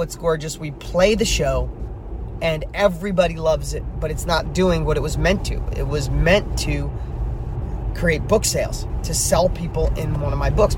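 A man's voice: fairly high pitch, background noise. A middle-aged man, a real estate coach, telling a story to camera while driving, emphatic and fired up.

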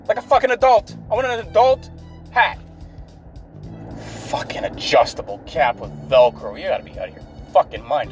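A man with a high, light voice rants about his day, swearing freely and sounding fed up throughout. He talks from inside a car, with faint music playing in the background. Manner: profane, exasperated ranting. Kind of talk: ranting story.

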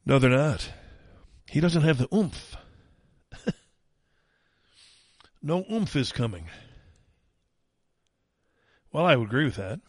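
Male radio host, combative, mocking tone, dry close sound, middle pitch. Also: big pitch swings, slow, long pauses, slightly rough, no echo. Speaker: radio talk show host. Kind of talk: opinionated talk radio monologue.

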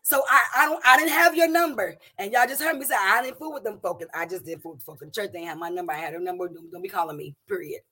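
A middle-aged woman giving a personal testimony to a congregation, in an emotional, halting way with many restarts and repeated words. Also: fairly low pitch, sharp tone, husky. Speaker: church member giving testimony.

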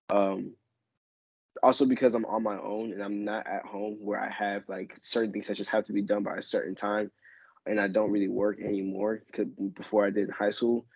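Young male student, husky gravelly voice, flat and low, dry close sound, rambling casual talk. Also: no room sound. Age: young adult. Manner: relaxed, rambling, self-mocking sarcasm. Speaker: college student. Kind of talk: casual group chat.

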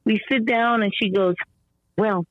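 A woman as a podcast guest tells her story in an animated, rambling way, full of fillers and restarts, and acts out the people she quotes. Her voice sounds slightly strained. The recording is dull and lo-fi with a dry, close sound. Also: mid-range voice, normal speed, dry recording. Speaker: podcast guest, mother of an autistic son. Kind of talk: conversational storytelling interview.

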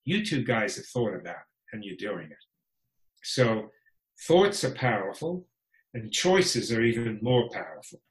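A man's voice: on the low side, very animated, a little slow. A man talking as a podcast guest in casual conversation, wry and frank, laughing often. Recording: echoey room.

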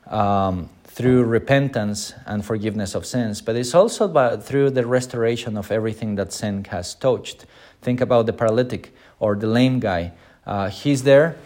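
Lowish-voiced male pastor teaching. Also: a little mellow. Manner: frequent filler sounds, acts out quoted speech in raised voices. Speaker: pastor teaching Sunday School. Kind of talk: unscripted Bible lesson.

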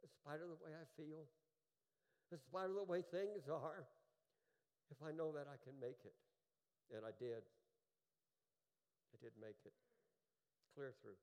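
An older man preaching a sermon with personal stories, earnest and emphatic, swinging from hushed moments to fervent peaks. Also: fairly high pitch, unhurried, long pauses, clear, resonant tone. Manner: earnest, emphatic, rising to fervent peaks then dropping soft. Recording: long hall reverb.

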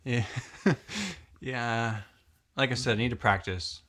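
A young man hosting a casual podcast, encouraging and quick to laugh. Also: medium pitch, a bit bright. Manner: encouraging, giggly. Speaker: podcast host. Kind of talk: casual chat.

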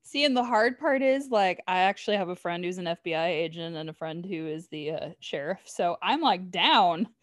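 A young woman co-hosting a podcast, chatty and quick to poke fun at herself. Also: on the low side, animated, no room sound, clean studio sound. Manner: chatty, self-deprecating. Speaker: podcast co-host. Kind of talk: casual chat.

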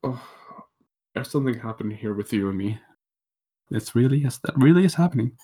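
A man's voice: mid-range voice, expressive, a little fast, warm tone, breathy edge. A man hosting a podcast, talking in a playful, mock-romantic and theatrical way. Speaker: podcast co-host. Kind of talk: joking podcast monologue. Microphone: studio microphone.

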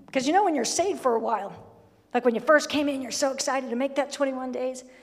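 A woman's voice: high-pitched, fast talker, big-room sound. A woman pastor preaching a sermon, emphatic, blunt and humorous, sometimes acting out the voices she quotes. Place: church sanctuary.

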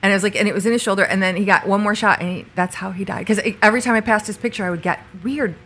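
A woman co-hosting an interview, telling stories casually and acting out the dialogue, sitting in bright sun. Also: mid-range voice, very fast. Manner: animated storyteller, acts out quoted dialogue. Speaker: podcast co-host.

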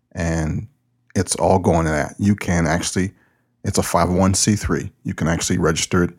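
Low gravelly-voiced man, podcast host. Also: darkish tone. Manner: loose and conversational, plain-spoken. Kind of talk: casual podcast talk.

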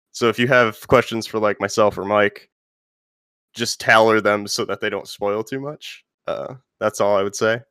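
A man's voice: lowish voice, fairly bright tone, clean tone, no room sound, clean studio sound. A man hosting a podcast in casual, rambling chat full of fillers. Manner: rambling, filler-heavy and conversational. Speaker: podcast host.

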